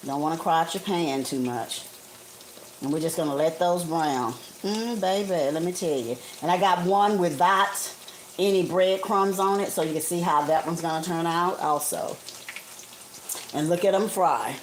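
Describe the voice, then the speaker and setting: A woman's voice: on the low side, normal speed, poor audio. A woman, talking viewers through a recipe in a casual, homey live cooking stream from her kitchen. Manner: chatty and homey, calls viewers honey and guys. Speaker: home cook streaming live. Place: home kitchen, frying on the stove. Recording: faint kitchen noise with frying sizzle.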